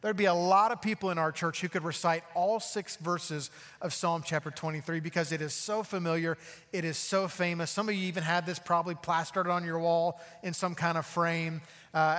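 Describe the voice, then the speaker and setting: A male pastor preaching a sermon conversationally, often asking "okay?" and slowing down to read scripture phrase by phrase. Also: a little high, a bit bright, long reverb tail. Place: church sanctuary.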